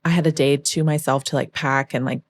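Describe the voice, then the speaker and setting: A young woman with a low voice tells a personal story in a podcast interview. She talks with real feeling and acts out the lines of the people in it. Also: brisk. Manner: emotional, animated storytelling, acts out quoted voices. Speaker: podcast guest, former backup dancer.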